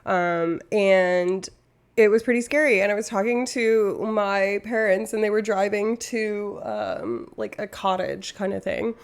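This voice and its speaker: Gravelly woman rambling casually. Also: medium pitch, measured pace. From Canada. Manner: rambling and self-deprecating, laughs often. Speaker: streamer. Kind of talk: casual chat.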